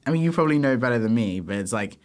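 A man's voice: medium pitch, expressive, rapid-fire. A man co-hosting a casual film review chat, hesitant and rambling with many fillers. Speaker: podcast co-host.

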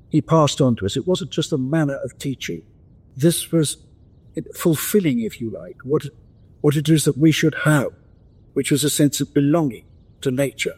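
Older male guest, mid-pitched, gentle anecdotal storyteller, on a video call from home. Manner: gentle, anecdotal, with frequent restarts. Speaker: interview guest. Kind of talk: reflective storytelling. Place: home in the countryside.

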